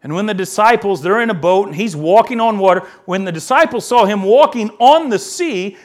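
A male pastor delivers a sermon in a high, light voice. He is animated and dramatic, acting out the people in the scripture he reads and moving from hushed asides to loud emphatic lines. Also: moderate pace, hardly any pauses. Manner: animated preaching, acts out quoted voices, swings from soft asides to loud emphasis.

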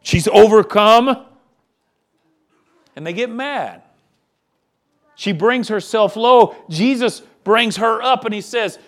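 Impassioned high-voiced male preacher. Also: slow, long pauses. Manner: impassioned preaching, rising and falling delivery. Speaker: pastor. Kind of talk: sermon.

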